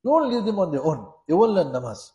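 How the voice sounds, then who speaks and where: A man's voice: high-pitched, sing-song, fairly quick, warm tone, highs cut off. A man preaching a sermon, speaking earnestly and repeating his points to press them home. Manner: earnest, repetitive, exhorting. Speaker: Islamic preacher. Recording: echoey room.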